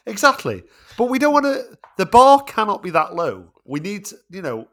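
A man's voice: high voice, moderate pace. Man, middle-aged, podcast co-host, casual chat, emphatic. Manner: animated, emphatic, rising when worked up.

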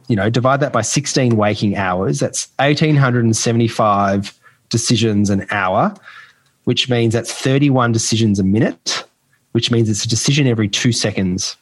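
A man's voice: on the low side, moderate pace, husky. An Australian man co-hosting a casual podcast, chatty and thinking aloud as he works through ideas. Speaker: podcast co-host. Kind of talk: casual chat.

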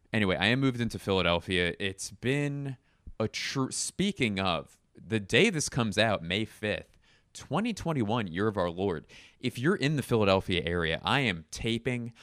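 Recorded at home, this comedic podcast monologue comes from a thirtysomething man whose voice is lowish, smooth and resonant. He hops from absurd tangent to deadpan aside, and the sound is dry and close with no room around it.

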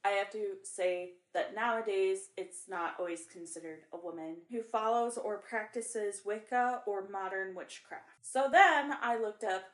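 A woman's voice: medium pitch, a little slow, hardly any pauses. A young woman co-hosting a podcast in casual chat, giggly and chatty, reading definitions aloud. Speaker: podcast co-host. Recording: roomy echo.

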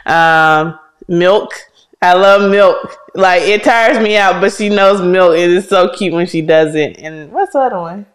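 Animated woman telling family stories. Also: lowish voice, measured pace. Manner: animated storytelling, acts out quotes, laughs often. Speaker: podcast co-host. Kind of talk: casual chat.

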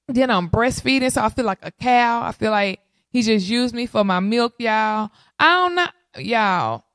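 A woman, casually telling viewers her birth story in an animated way, often calling out to them. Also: medium pitch, no echo, studio quality. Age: 30s. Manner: animated, addresses audience as y'all. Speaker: mother sharing birth story.

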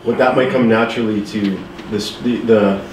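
A man's voice: fairly low pitch, steady tone, moderate pace, a little hiss or hum. A man co-hosting a podcast, agreeing and supporting a friend's point in a casual chat. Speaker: podcast co-host. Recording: roomy sound, mic at a distance.

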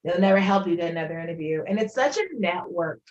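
A woman journalist, a guest on a podcast, talking in a relaxed, casual way with many "like"s. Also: fairly low pitch, fast talker, dull audio. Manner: relaxed, filler-heavy, frequent "like". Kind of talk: casual interview conversation.

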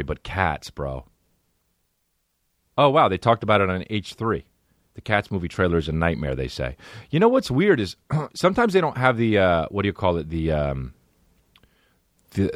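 A man hosting a podcast, rambling through an excitable and profane comedic monologue. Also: sits low, no room sound, studio quality. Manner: excitable, rambling, heavy swearing. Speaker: podcast host.

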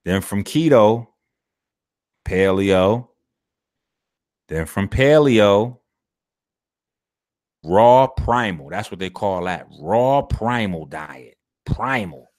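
A man's voice: lowish voice, lively intonation, very slow, pauses often, darkish tone. A man hosting a video, giving casual commentary on clips in an emphatic, slangy, profane way and repeating his phrases for effect. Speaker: video host.

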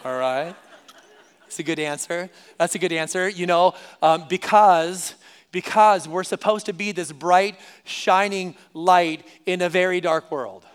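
Male pastor, sermon, high and clear voice, conversational, repeats lines for emphasis. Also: a little slow. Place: church service.

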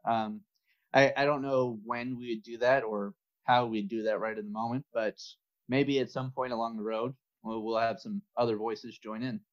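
A male guest on a casual podcast, pausing often and filling gaps with ums and uhs. His voice is mid-pitched, and the audio sounds muffled and lo-fi. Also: steady tone. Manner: hesitant, lots of fillers. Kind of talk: casual interview.

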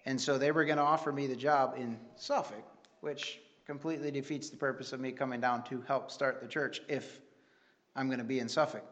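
A man's voice: medium pitch, fairly even intonation, brisk, a bit bright. A man giving an earnest, rambling church testimony with many restarts. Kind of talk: sermon testimony.

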